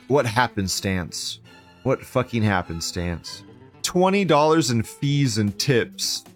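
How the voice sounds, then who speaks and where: A man hosting an online show, reading forum posts aloud and reacting with heavy swearing and sarcasm, moving between loud mockery and low muttering. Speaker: livestream show host.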